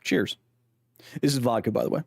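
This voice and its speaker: A man's voice: medium pitch, fairly quick, vocal fry, a little mellow, husky, no room sound, studio quality. A man hosting a casual gameplay livestream, joking as he reads and answers his chat's messages. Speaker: livestream host.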